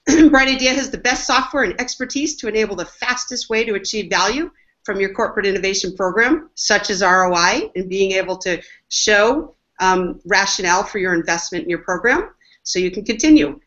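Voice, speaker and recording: A woman's voice: mid-range voice, expressive, brisk, a bit bright. A woman hosting a business webinar, introducing panelists in an upbeat, enthusiastic way over dull lo-fi webinar audio. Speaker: webinar host, marketing executive.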